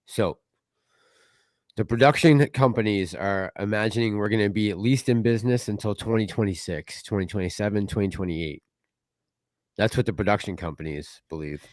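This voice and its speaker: A man's voice: on the low side, normal speed, darkish tone, no echo. A tipsy man with a Boston accent, co-hosting a casual late-night live stream and rambling along easily. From Massachusetts. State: tipsy from tequila.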